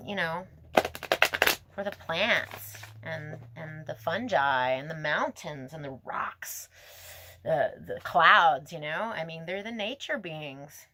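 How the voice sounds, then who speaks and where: Gentle, low-voiced woman reading tarot. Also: a little hiss or hum. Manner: gentle, emotive, spiritual, rambling. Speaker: tarot reader.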